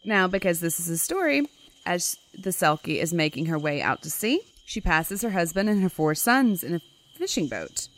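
A woman's voice: lowish voice, very animated, normal speed, fairly bright tone, rough recording. A woman hosting a podcast, retelling a folktale with wry, irreverent asides. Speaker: podcast host. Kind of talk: comedic folklore storytelling.

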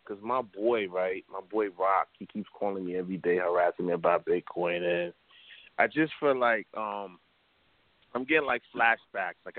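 A man's voice: low voice, dry recording. A man from Brooklyn calling in to a show, talking in an earnest, rambling way as he thinks aloud. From Brooklyn, New York. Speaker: caller. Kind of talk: casual phone call. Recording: dry, tinny phone line.

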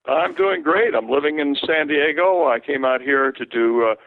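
An older man, a veteran sports broadcaster, telling relaxed anecdotes as an interview guest. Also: medium pitch, normal speed, no echo. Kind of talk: casual interview, storytelling. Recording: tinny phone line, dry.

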